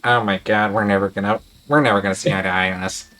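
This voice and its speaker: A man voicing a blunt, puzzled male adventurer in a tabletop role-playing game, delivered deadpan. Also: lowish voice, quick pace, voice pushed down. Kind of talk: in-character tabletop role-play.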